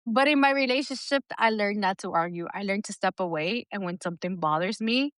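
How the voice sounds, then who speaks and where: A woman's voice: mid-range voice, fairly quick, a bit bright, clear, resonant tone, no echo. A middle-aged woman co-hosting a podcast in casual chat, talking bluntly with plenty of swearing and frequent laughter. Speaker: podcast co-host.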